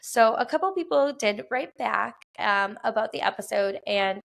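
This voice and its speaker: A woman in her thirties with a Wisconsin accent, hosting a casual solo podcast from a quiet home at night, chatty with lots of fillers and quick laughs. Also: on the high side, expressive, gravelly. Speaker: podcast host.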